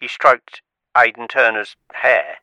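A man's voice: medium pitch, animated, takes it slowly, pushed and bright, no room sound, exaggerated voice. A man playing a grown son who keeps scolding his mother in a dry, exasperated way, in a scripted comedy sketch. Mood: incredulous. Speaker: comedy podcast character.

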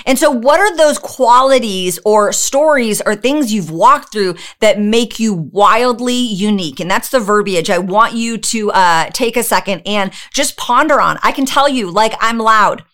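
Female business coach, high-ish voice, loud and passionate, emphatic motivational delivery. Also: animated, a little slow, few pauses. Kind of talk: motivational monologue.

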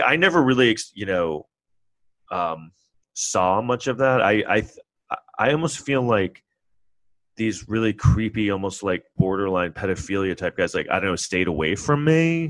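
A man in his forties with a New York accent talks through a loose, rambling podcast monologue, poking fun at himself. His voice sits low, and the sound is dry and close with no room around it. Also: fairly bright tone, dry recording. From New York City. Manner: rambling, self-deprecating, acts out others in mocking high voices. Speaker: podcast host. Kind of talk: casual solo monologue.

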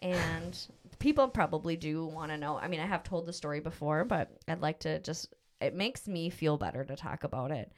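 A woman's voice: low-pitched, animated, normal speed, hardly any pauses. A middle-aged woman hosting a podcast, telling a personal story in a rambling, emotional way with lots of fillers. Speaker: podcast host. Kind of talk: casual storytelling chat.

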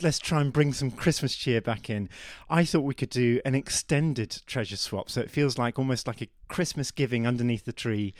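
A man's voice: mid-range voice, no echo, studio quality. A man co-hosting a music podcast, talking in a chatty, playful, self-deprecating way. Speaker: podcast co-host. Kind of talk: casual chat about classical music.

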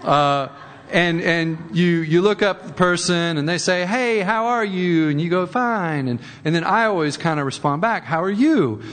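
In a large hall, a pastor with a fairly high, fairly bright voice preaches at a normal speed. His sermon is conversational, often repeating words and rising for emphasis.

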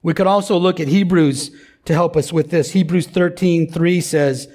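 A middle-aged man with a high-pitched voice delivers a sermon to his congregation. He speaks in a conversational, emphatic way and keeps asking his listeners to respond. The tone stays that of a pastor talking directly to his church. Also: fairly even intonation, normal speed, a little mellow.

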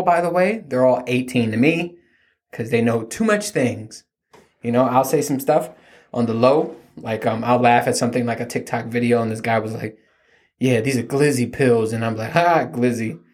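On his podcast, a man in his thirties tells comedic, rambling stories about his kids, mocking himself, joking, and swearing casually. His voice is mid-range with a darkish tone.

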